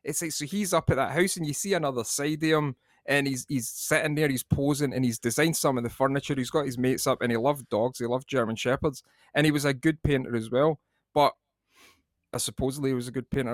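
A man's voice: medium pitch, fairly even intonation, quick pace, dry recording, studio quality. A man, co-hosting a casual podcast in a rambling, sweary, laughing way. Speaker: podcast co-host.

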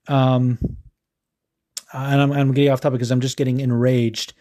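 A man's voice: mid-range voice, little pitch movement, moderate pace, long pauses, mellow. A man hosting a podcast, talking in a heated, profane way with many stumbles and restarts. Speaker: podcast host. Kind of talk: casual ranting podcast talk.

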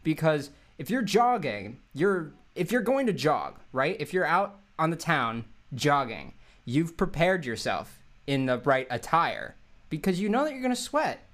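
A man's voice: fairly high pitch, big pitch swings, unhurried, a bit bright. A young man co-hosting a casual comedy podcast, rambling through playful bits and puns. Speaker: podcast co-host.

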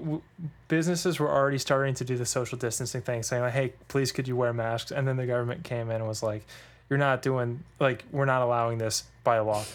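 A young man co-hosting a podcast, arguing his views in casual chat and laughing often. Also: mid-range voice. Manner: argumentative, laughs often, quick opinions. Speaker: podcast co-host.

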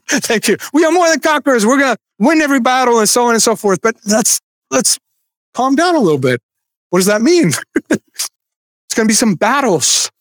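Male pastor, thirties, relaxed chatty preaching, higher voice, dry recording. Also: no echo. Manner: conversational, self-deprecating asides with light laughs. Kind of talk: sermon.

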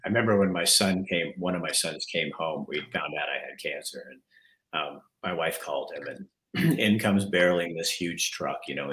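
A man's voice: rumbling low, sharp tone. A middle-aged man hosting an interview, talking in an earnest, candid and emotional way. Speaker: podcast host. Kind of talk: heartfelt interview chat. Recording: roomy echo.

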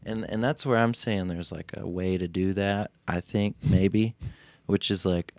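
Animated man telling a story, deep voice. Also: unhurried, no room sound. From Nashville music scene. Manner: animated, acts out voices and laughs often; swears freely. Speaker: podcast guest. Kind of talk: casual storytelling.

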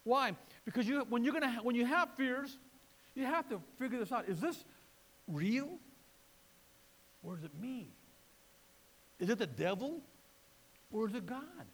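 A man preaching a sermon in a lively way, repeating words and acting out voices. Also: extremely high pitch, measured pace, pauses often, in a large hall. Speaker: pastor.

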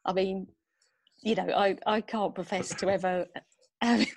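A woman co-hosting a podcast, chatting thoughtfully with many pauses. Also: medium pitch, steady tone, a little hiss or hum. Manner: thoughtful, hesitant with fillers. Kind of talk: casual chat.

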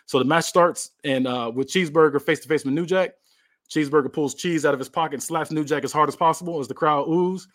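A man's voice: fairly high pitch, fast, no room sound. A man hosting a podcast, casually narrating a made-up wrestling match with fillers and laughs. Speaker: podcast host. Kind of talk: casual storytelling of fantasy wrestling booking.

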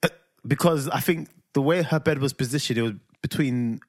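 This podcast co-host speaks briskly at a medium pitch, spinning lively stories in a casual chat where he acts out voices and sound effects and laughs a lot.

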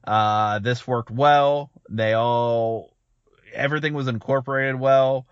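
A man co-hosting a podcast, recapping matches in a measured, casual way. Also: medium pitch, steady tone, smooth, dry recording, dull audio. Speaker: podcast co-host. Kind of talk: casual chat.

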